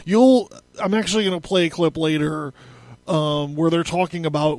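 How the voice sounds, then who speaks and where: A man's voice: a little high, normal speed, a little mellow. A man hosting a solo podcast, rambling and profane, laughing often and stammering through his notes. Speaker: podcast host. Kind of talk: casual solo podcast commentary.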